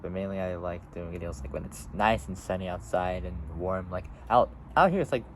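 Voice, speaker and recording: A man's voice: low voice, brisk, noisy background. A seventeen-year-old boy vlogging outdoors, rambling casually with lots of fillers and restarts. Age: teens. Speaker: YouTuber. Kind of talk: casual vlog.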